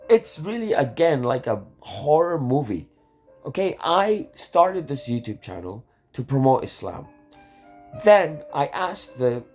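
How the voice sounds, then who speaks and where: A man's voice: medium pitch, darkish tone. A man hosting his own channel, ranting in an agitated, rambling way, swearing often and restarting his sentences. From Canada. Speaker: YouTube channel host. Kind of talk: angry rambling vlog rant.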